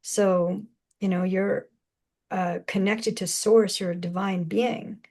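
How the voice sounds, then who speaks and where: Animated woman sharing spiritual guidance. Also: medium pitch, slow pace. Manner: rambling, animated, acts out quoted voices with laughs. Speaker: spiritual channeler guest. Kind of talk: casual spiritual guidance talk.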